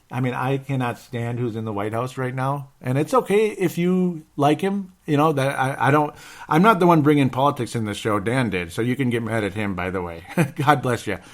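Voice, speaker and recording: A man hosting a live sports podcast, talking casually and at length, repeating himself and tagging lines with "okay?". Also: medium pitch. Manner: talkative, repeats himself, frequent "okay?" asides. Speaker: podcast host.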